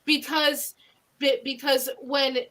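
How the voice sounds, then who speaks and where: A podcast host with a Northeastern Pennsylvania accent tells local ghost stories in a casual, rambling chat full of fillers and restarts. Her voice is high and fairly bright, but her delivery is flat and slow.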